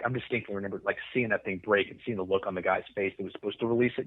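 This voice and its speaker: A lower-voiced man recounts a story in a loose, rambling way, swearing freely and restarting his sentences. The sound is tinny and phone-like. The room adds no echo. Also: steady tone, racing, few pauses. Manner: rambling, profane, restarts often. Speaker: podcast guest, Coast Guard veteran. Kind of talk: conversational storytelling.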